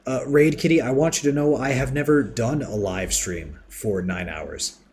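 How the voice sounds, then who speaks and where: A man's voice: medium pitch, normal speed, darkish tone. A man hosting a live game stream, chatting casually and rambling as he builds and reads out viewer messages. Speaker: livestream host. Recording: audible keyboard typing and clicks.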